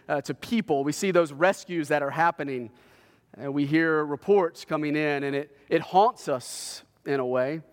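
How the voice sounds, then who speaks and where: A man preaching a sermon, earnest and measured, slowing and rising in pitch when he quotes scripture. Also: long reverb tail. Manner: earnest, slows and lifts his voice when quoting scripture. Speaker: pastor.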